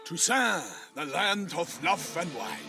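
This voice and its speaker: An actor playing a proud, gallant knight in a video game, declaiming archaic lines with eager earnestness. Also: male voice, on the high side, very animated, slow pace, music in the background, exaggerated voice.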